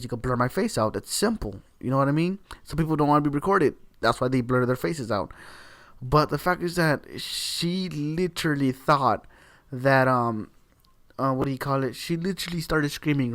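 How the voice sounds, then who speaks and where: A man's voice: medium pitch, moderate pace, a bit bright, dry recording. A man ranting to camera in a heated, repetitive way, swearing often and leaning on the same words again and again. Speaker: video creator. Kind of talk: opinion rant to camera.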